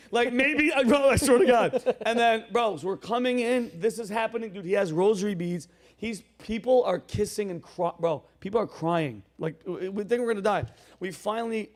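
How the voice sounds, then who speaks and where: A male comedian hosting a show, telling stories in a casual chat with loud, animated acted-out quotes. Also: sits high, a little fast. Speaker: comedian host.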